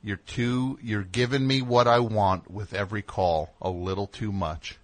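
A man hosting a call-in radio show, teasing a caller in excitable, triumphant banter. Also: lowish voice, unhurried, no echo.

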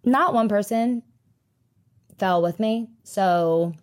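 A young woman hosts her own podcast and tells stories in a loose, chatty way. She talks at an unhurried pace, animated, and curses casually. Her voice sits at an everyday pitch for a woman. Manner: chatty, animated, swears freely. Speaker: podcast host. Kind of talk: casual solo podcast storytelling.

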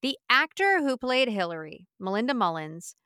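A woman's voice: a little high, very animated, normal speed, bright, forceful tone, smooth, dry recording, studio quality. A woman co-hosting a podcast, chatting casually and laughing easily. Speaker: podcast co-host. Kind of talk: casual chat.

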